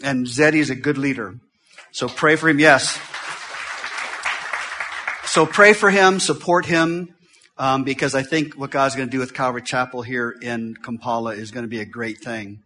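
In a church, a middle-aged guest pastor preaches quickly in a mid-range voice, alternating loud bursts with quiet, hushed moments. Some chatter can be heard behind him, along with a little hiss or hum.

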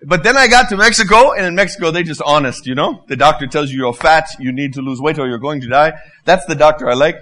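A man in his fifties preaching a sermon as a guest preacher, telling humorous, animated stories. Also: fairly high pitch, quick pace, few pauses. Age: 50s.

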